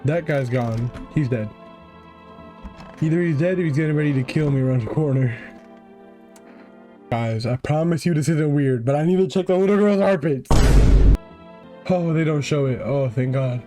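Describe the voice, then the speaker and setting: A man's voice: on the high side, normal speed, pauses often, warm tone, soft background music. A man giving casual let's-play commentary on a horror game, joking and wry. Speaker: gaming YouTuber.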